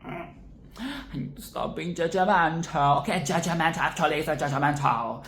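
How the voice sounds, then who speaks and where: A woman's voice: deep voice, moderate pace, echoey room, slight background noise. A woman vlogger reacting to a film in casual, crude and rambling commentary, with bursts of mock outrage.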